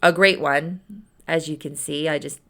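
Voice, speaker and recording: A woman retells her own old story in a chatty, casual way, full of self-mocking asides. Her voice has a gravelly, creaky texture. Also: low voice, fairly even intonation, moderate pace, a bit bright. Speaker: author and video host.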